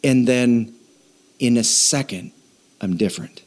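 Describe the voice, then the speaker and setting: Animated man preaching a sermon. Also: mid-range voice, a little slow. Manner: animated, swings from hushed asides to loud emphatic lines; jokes with the congregation and prompts call-and-response. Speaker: pastor. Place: church.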